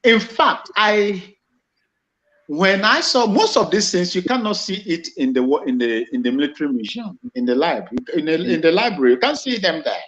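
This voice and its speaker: A man's voice: high voice, big pitch swings, normal speed, fairly bright tone. A man with a Nigerian accent giving an impassioned monologue, emphatic and repetitive, often restarting his phrases. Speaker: commentator. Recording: dull lo-fi recording.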